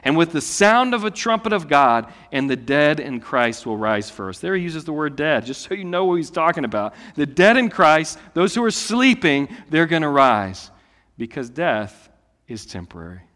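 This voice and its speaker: A man's voice: a little high, very animated, normal speed. Man preaching in a reverberant hall. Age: late 30s. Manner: conversational preaching, swinging from loud to hushed. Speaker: pastor. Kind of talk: sermon.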